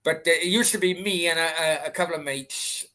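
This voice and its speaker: His fairly high voice comes out brisk, pushed, and bright. The speaker, a man from Wales, hosts a casual late-night livestream Q&A and answers chat in a rambling, sweary, chatty way, frequently starting his sentences over.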